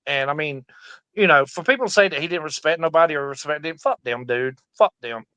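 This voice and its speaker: A middle-aged veteran pro wrestler, appearing as a guest in a casual interview, tells profane, rowdy stories and acts out the voices of the people he quotes. His voice is a little high, a little fast and sharp, with a clean sound and no echo.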